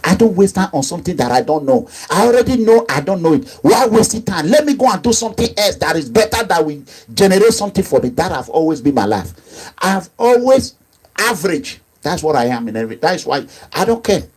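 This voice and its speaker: A middle-aged man with a Nigerian accent, delivering an impassioned monologue as an activist leader, emphatic and repetitive, with low asides and raised outbursts. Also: very animated, fairly quick, a little mellow, slightly rough.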